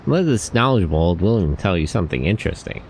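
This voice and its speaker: A man's voice: deep voice, big pitch swings, fast talker, a little mellow, a little hiss or hum. A man voicing a chatty, knowledgeable old woman from a video game, who confides things in a folksy way. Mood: confiding.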